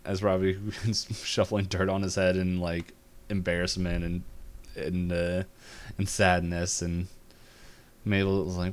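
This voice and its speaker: Rambling man with a low, smooth voice. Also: little pitch movement, unhurried. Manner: rambling, full of fillers like "um" and "like". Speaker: podcast co-host. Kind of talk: casual episode recap.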